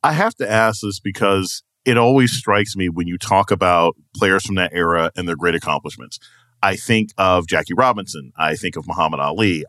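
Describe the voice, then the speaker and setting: Low-voiced male podcast host. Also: a bit bright, no echo. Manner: conversational, questioning. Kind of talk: podcast interview.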